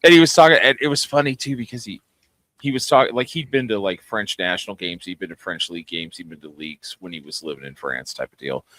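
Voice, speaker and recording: A man's voice: on the low side, fast, rough recording. A man co-hosting a podcast, telling stories in casual chat and swearing freely. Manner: profane, animated storyteller. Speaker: podcast co-host.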